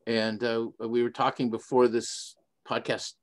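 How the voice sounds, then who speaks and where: A man's voice: medium pitch, little pitch movement, measured pace. An older man from Mexico, a guest author in a casual interview, telling stories jovially and laughing easily.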